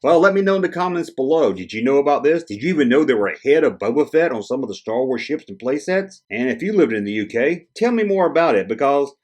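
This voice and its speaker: A man's voice: mid-range voice, expressive, quick pace, few pauses, a little mellow. A man hosting a toy collecting video, explaining things in a casual, conversational way and asking viewers questions. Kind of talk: casual explanatory chat to camera.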